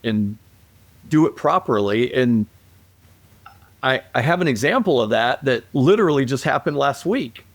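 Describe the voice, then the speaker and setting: In a casual storytelling interview, a man from police aviation speaks at medium pitch with no room sound. He rambles with repeats and restarts and acts out the calls he quotes.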